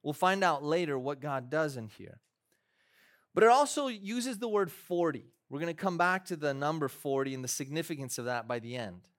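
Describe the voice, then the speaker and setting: High-voiced man preaching a sermon. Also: expressive, normal speed. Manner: conversational, building to fervent emphatic preaching. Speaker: pastor. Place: church.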